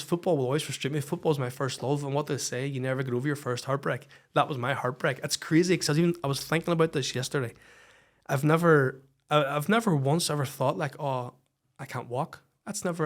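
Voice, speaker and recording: Northern Irish male guest, coach, high-ish voice, animated storyteller, swears a lot. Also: brisk. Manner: animated, swears freely, acts out heated quotes. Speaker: podcast guest, women's football coach. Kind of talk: casual storytelling in an interview.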